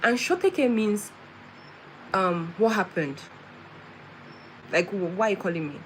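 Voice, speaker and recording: A young woman from West Africa telling travel stories in casual live-stream chat. She talks in an animated way, restarts her sentences often and laughs as she goes. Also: fairly low pitch, unhurried. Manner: chatty, with many restarts and laughs, animated storytelling. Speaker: vlogger. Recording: noisy background with vehicle sounds.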